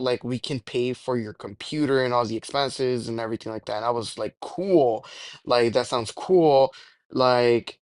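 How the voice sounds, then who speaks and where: A man's voice: mid-range voice, no echo. A young man telling a rambling, profane storytime with jokey exaggerations. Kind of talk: casual storytime rant.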